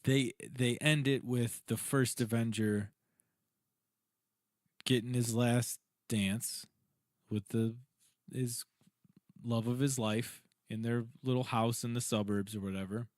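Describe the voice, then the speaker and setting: A man co-hosting a podcast, chatting casually and telling stories in a rambling, animated way. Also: mid-range voice, takes it slowly, pauses often, no echo, clean studio sound. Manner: rambling, animated storyteller, self-described comic nerd. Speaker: podcast co-host. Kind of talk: casual chat.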